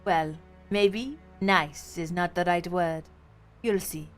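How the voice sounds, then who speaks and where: A woman voicing a weary middle-aged male detective who shivers and talks in a slow, dragging, hushed way. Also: fairly low pitch, soft background music, voice pushed down.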